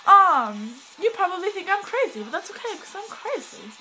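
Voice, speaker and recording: A woman's voice: very high voice, sing-song, normal speed, sharp tone, slight background noise, rough recording. Rambling teen girl in put-on British accent. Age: teens. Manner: rambling, giggly, easily sidetracked. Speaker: vlogger. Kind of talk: rambling casual vlog to a friend. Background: faint pop music.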